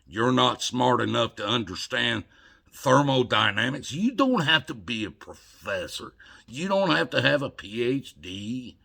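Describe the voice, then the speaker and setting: An older man delivering an emotional, scolding monologue to camera, swinging between loud outbursts and hushed murmurs. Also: medium pitch, expressive, a little slow, vocal fry. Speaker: video blogger.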